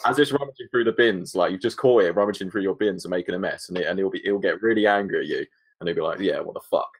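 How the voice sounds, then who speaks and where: A football fan podcast co-host talks in a low, slightly rough voice at a racing pace. He's chatty and laid-back in casual conversation, spinning little stories.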